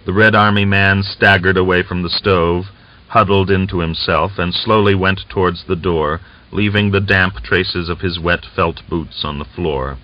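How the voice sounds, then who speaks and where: A man narrating a novel as an audiobook in a steady, measured reading. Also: low voice, dry recording. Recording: dull lo-fi audiobook recording.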